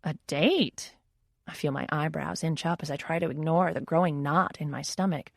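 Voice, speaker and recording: A woman's voice: low voice, fairly even intonation, fairly quick, creaky, dry recording. A woman reading a first-person audiobook in a wry, intimate inner-monologue manner, close to the mic. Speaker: audiobook narrator.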